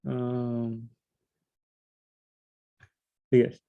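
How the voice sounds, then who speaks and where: A man's voice: mid-range voice, monotone, drawn-out words, creaky, narrow, tinny audio. A man leading a casual Bible study, rambling and asking himself questions as he reads. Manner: rambling, thinks aloud and asks himself questions; repeats phrases, many fillers.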